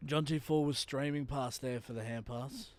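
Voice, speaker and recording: An Australian man co-hosting a live football watch-along, joking with friends and reacting loudly to umpiring calls. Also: mid-range voice, fairly even intonation, moderate pace, a crowd in the background. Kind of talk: casual live match chat.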